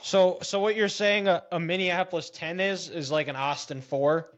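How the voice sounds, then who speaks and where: Male podcast host, slightly high voice, easygoing and wry, dull dry recording. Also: fairly even intonation, normal speed, dry recording. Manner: laid-back, teasing, dry quips. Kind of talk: casual chat.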